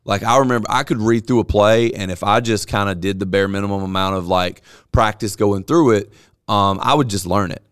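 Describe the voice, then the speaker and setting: A man talking candidly on a podcast, animated and swearing freely. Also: lowish voice, a little fast, clean tone, no room sound, clean studio sound. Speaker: podcast host. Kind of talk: casual podcast chat.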